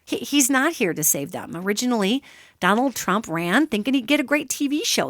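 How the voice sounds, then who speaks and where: Speaking on the high side and fairly quickly, a woman running a solo radio talk show explains ideas with animated emphasis and addresses listeners directly, in a conversational teaching manner. The audio is studio quality with no room sound.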